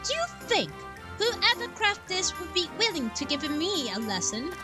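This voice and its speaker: A woman's voice: very high voice, sing-song, moderate pace. A woman voicing a sly, courteous male explosives tinkerer with a mock-innocent manner over game music.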